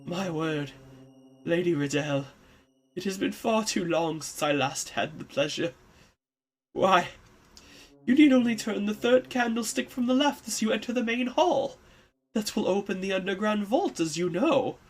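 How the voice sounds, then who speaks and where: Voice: medium pitch, lively intonation, a little slow. A streamer doing a confused old knight. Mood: wistful. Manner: formal, wavering, mournful. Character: frail old male knight, confused and guilt-ridden. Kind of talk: reading a text game aloud.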